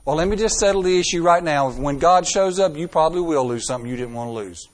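A man in middle age with a drawl delivers a sermon in a voice pitched high for a man. He presses his points with dramatic shifts in volume and tempo. He often stops to put a rhetorical question to his listeners. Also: fast talker. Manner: emphatic, dramatic swings in loudness and pace, rhetorical questions. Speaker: preacher.

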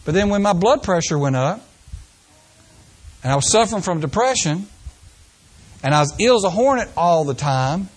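Preaching a folksy sermon, an older, high-voiced man mimics people's excuses in mock voices before settling back into sincere, straightforward delivery. He is expressive, moving at a moderate pace with long pauses.

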